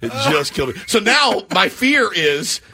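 A man hosting a morning sports radio show, telling stories in an animated, rambling way and laughing often. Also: high-pitched, unhurried, slightly rough. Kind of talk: casual morning radio chat.

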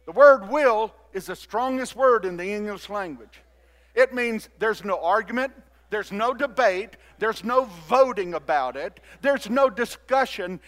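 Older man preaching in a high voice. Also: lively intonation, a little slow. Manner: call-and-response preaching, swinging from quiet to loud. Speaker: pastor. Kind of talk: sermon.

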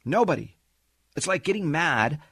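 A man hosting a financial talk radio show, talking in an animated, sarcastic way. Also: fairly high pitch, moderate pace, creaky, husky, dry recording, studio quality. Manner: animated, sarcastic, mocks others in put-on voices.

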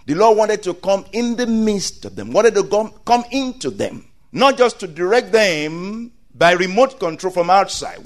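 A male pastor delivers a sermon on scripture. His delivery is animated, with a lively, swinging pitch, and he acts out the quoted voices.

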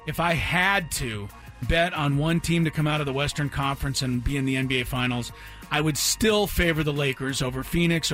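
A man on a sports debate panel, speaking in a bright, slightly high voice. He gives firm opinions on the games with a dry edge.

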